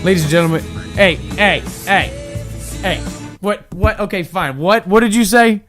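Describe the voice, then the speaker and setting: A man's voice: high voice, moderate pace, a bit bright, faint music behind. A man hosting a comedic podcast, teasing his guest with mock-stern banter. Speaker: podcast host.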